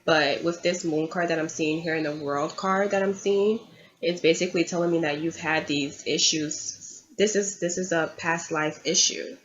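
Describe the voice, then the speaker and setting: A woman's voice: low-pitched, fairly even intonation, moderate pace. A woman giving a tarot reading in an earnest, confiding way, often repeating herself as she goes. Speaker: tarot reader. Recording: dull lo-fi audio with faint background hiss.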